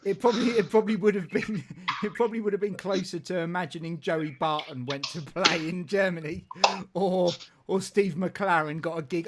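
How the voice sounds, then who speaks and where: A man's voice: sits high, fairly even intonation, moderate pace, few pauses, over a noisy crowd. A man hosting a casual football live stream, rambling and jokey with frequent restarts. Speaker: football show host.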